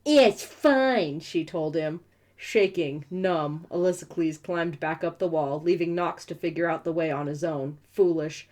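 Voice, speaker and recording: A woman's voice: deep voice, fairly even intonation, moderate pace, a little mellow. A woman reading a novel aloud and breaking in with snarky, profane asides. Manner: snarky, profane asides between read passages. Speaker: book reviewer reading aloud.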